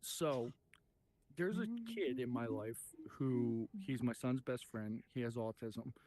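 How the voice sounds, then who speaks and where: A man's voice: mid-range voice, slow pace, a little mellow, a little hiss or hum. A middle-aged man hosting a comedy talk show, joking around and breaking into laughter. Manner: giggly, breaks into laughter often.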